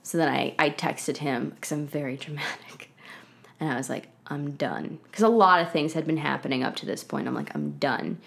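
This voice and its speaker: A woman's voice: low-pitched, fairly quick, gravelly, fairly bright tone. A woman in her twenties, a guest on a podcast, casually telling a personal story with lots of "like" and "um". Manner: chatty, heavy use of "like" and "um".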